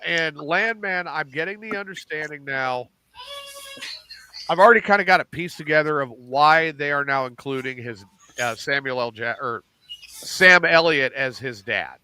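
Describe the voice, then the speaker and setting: A middle-aged man hosting a casual podcast, animated and profane, acting out lines as he recaps TV shows. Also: a little high, measured pace, clean tone. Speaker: podcast host.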